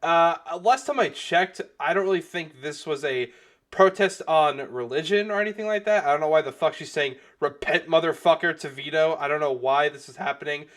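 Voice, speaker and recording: Rambling young man, fairly high voice. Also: a little fast, fairly bright tone. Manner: rambling, many "you know" fillers and restarts, swears freely. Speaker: commentary youtuber. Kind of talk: casual video commentary.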